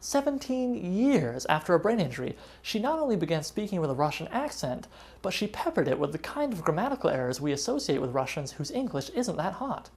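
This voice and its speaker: Low-voiced woman with a lively, wry delivery. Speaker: web show host. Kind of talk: scripted comic monologue.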